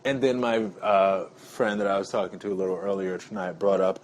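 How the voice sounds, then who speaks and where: A man chats away to his audience in a loose, rambling monologue, addressing them as y'all. His voice sits on the lower side, with faint background noise behind it. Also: brisk. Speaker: vlogger. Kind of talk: casual talking-to-camera monologue.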